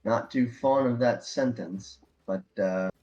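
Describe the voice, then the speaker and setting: A man's voice: medium pitch, slow pace, a little mellow, muffled recording, faint music behind. A man playing a tabletop game, wry and casual. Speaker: player.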